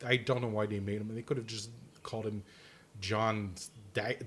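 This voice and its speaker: A man's voice: fairly low pitch, flat delivery, normal speed, fairly bright tone, slight background noise. A man co-hosting a film review podcast, talking in a rambling, hesitant way with many restarts. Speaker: podcast co-host. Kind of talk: casual film review chat.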